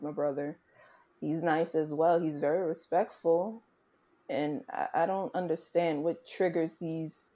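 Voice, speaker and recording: A woman's voice: lowish voice, warm tone. A woman in her twenties telling a story in candid conversation, indignant and frank. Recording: muffled lo-fi audio.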